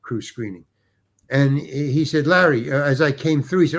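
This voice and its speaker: A man's voice: medium pitch, lively intonation, unhurried. An older man, a guest actor, telling rambling anecdotes with restarts and acted-out quotes. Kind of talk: anecdotal storytelling.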